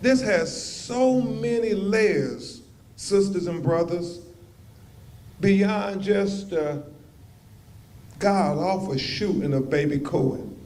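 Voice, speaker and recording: Man, attorney at a rally, preacherly oratory, high voice, slow deliberate delivery. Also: lively intonation, darkish tone, slight background noise. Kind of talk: public speech.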